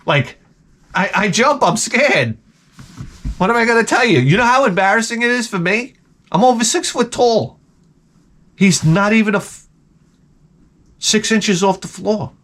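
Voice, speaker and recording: A man with a fairly high voice spins a casual story. His pitch jumps all over as he swears and mocks himself. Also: a little slow, long pauses. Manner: animated, profane, self-mocking. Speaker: host.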